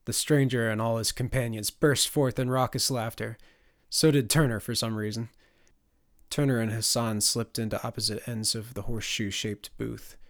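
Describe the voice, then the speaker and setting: A man narrating a fantasy audiobook in a measured storytelling manner, on a close microphone. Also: mid-range voice, steady tone, dry recording.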